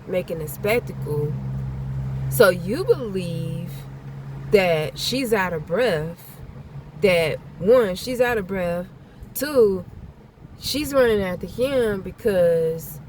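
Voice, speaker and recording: A woman's voice: mid-range voice, darkish tone, a little hiss or hum. A woman vlogger giving a channeled message in casual spoken warnings, blunt and repetitive, swearing freely.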